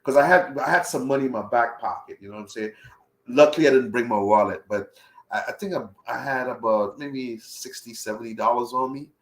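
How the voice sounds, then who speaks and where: A young man tells a travel story in loose, profane talk at a middle pitch. He acts out his own reactions along the way. The recording has a roomy echo. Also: fairly quick. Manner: profane, animated retelling with voiced reactions. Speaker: travel vlogger. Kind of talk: casual storytelling.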